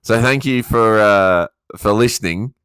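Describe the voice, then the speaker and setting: A low-pitched Australian man talks through his solo podcast on a close mic. His voice is smooth and resonant, and the recording is dry with no room sound. He speaks casually and often answers questions he imagines his listeners asking. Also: measured pace, a bit bright, dry recording. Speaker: podcast host.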